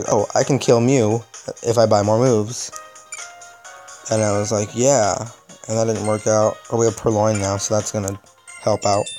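A young man talks through a mobile game in a middle pitch, sounding exasperated and dryly sarcastic. Faint game music plays behind his commentary. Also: darkish tone. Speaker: gaming video host. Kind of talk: casual gameplay commentary.

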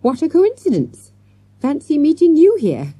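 A woman's voice: high-pitched, wildly swooping pitch, a little slow, mellow, dry recording, pitched above the performer's own voice, heavily acted. A woman doing a fussy, hearty male teacher. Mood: brisk. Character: flustered polite male schoolteacher.

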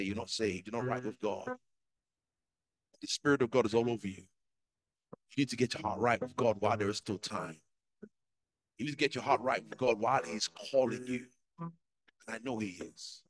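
Pastor giving an urgent altar call. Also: male voice, mid-range voice, poor audio. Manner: urgent, repetitive, pleading. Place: church.

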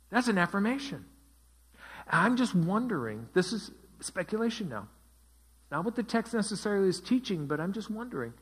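A man's voice: high voice, very animated, normal speed, fairly bright tone, breathy edge. A man teaching a Bible study as pastor, asking his group questions and repeating their answers. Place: church.

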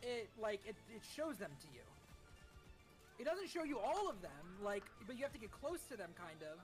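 A man's voice: sits high, big pitch swings, raised voice, over music. Guy in a gaming voice chat, stumbles and restarts a lot, lots of "like". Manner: halting, filler-heavy explaining. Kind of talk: casual group chat while gaming.

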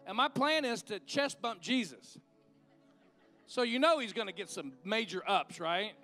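A man's voice: high voice, expressive, unhurried, bright, forceful tone, faint music behind. A middle-aged man, preaching a conversational sermon and leading an altar call. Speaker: guest minister.

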